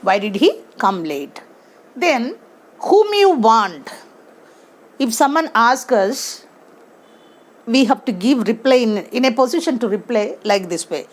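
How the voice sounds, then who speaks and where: Lady teaching grammar, slow and bouncy, higher voice, keeps quizzing the class. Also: animated. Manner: slow, emphatic, asks the class questions. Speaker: English teacher.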